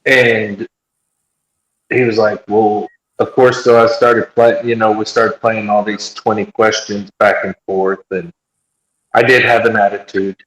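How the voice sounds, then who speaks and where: A man telling a story in casual chat, animated, and acting out what other people said. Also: on the low side, unhurried. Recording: echoey room.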